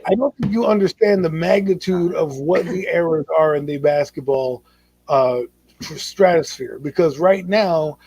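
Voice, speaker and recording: A man's voice: a little high, unhurried, a little mellow, slightly rough. A middle-aged man co-hosting a casual sports debate, talking emphatically and repeating his points like a lecture. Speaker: podcast co-host.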